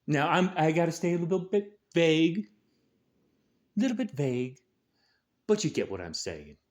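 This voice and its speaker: A man's voice: fairly high pitch, sing-song, normal speed. A man hosting a show, delivering an angry, aggressive political rant full of swearing. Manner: angry, aggressive, heavy swearing, shouted peaks. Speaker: host.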